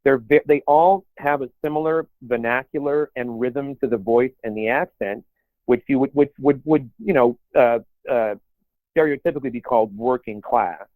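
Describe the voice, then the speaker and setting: A man's voice: mid-range voice, moderate pace, a little mellow, dry recording. A man co-hosting a podcast in casual chat, rambling with many restarts and put-on quotes. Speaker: podcast co-host. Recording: tinny phone-like sound, dry.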